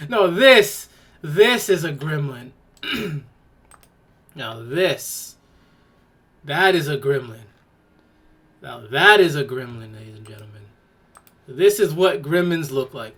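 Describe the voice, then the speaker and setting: A woman's voice: sits low, expressive, takes it slowly, pauses often, a bit bright, breathy edge. A woman hosting a podcast, giving casual reaction commentary in a mocking, exclaiming way and laughing in disgust. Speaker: podcast host.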